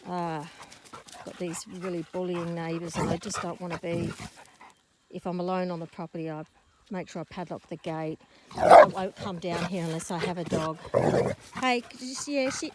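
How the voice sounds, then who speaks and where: A woman's voice: on the low side, level tone, moderate pace, long pauses. A woman who runs an animal rescue, talking as she walks her rural property and filming on a handheld phone. She is out of breath and rambles, breaking off mid-story to scold and coax her dogs. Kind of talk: rambling walk-and-talk vlog. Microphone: handheld phone while walking. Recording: noisy outdoor phone recording. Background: dogs and farm animals.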